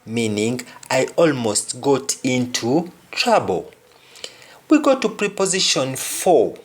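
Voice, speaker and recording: A man gives a language lesson at a very unhurried pace. He says every example phrase two or three times before he translates it. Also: mid-range voice, very animated. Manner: repeats each example phrase several times, then translates it. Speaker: language teacher. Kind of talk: slow spoken lesson with spoken examples.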